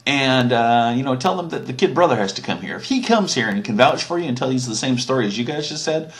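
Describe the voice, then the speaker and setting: A man's voice: mid-range voice, expressive, quick pace, close to an everyday voice. A man voicing a brash, vulgar male ruler who bosses and mocks people in a comic retelling, talking in a profane, taunting drawl. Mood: bossy.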